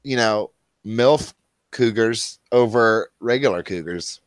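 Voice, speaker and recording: Deadpan low-voiced man, dry sound. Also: takes it slowly, no echo. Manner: deadpan, swearing, contrarian. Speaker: podcast co-host. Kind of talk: crude casual banter.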